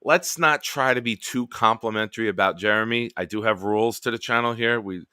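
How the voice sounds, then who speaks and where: A man hosting a late-night live stream hangout, telling stories in a profane, animated way. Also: lowish voice, a little fast, clean tone, no echo, clean studio sound. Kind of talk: casual late-night storytelling.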